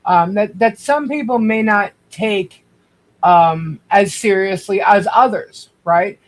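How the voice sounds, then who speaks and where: A woman co-hosting a livestream, speaking in a calming, halting way with many fillers and restarts. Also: medium pitch, poor audio. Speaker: co-host. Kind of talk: livestream commentary.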